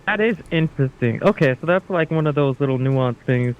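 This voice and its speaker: A man's voice: a little high, brisk, clean tone, dull audio. A man playing a tabletop game, chatting casually and reacting with disbelief. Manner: incredulous, lively. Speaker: player.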